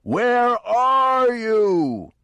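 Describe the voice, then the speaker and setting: A man's voice: mid-range voice, sing-song, slow pace, no room sound, highs cut off, pitched above the performer's own voice. A man voicing a boisterous male fish-man sea skipper who hollers and teases. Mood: hollering. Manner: hollers loudly, teasing.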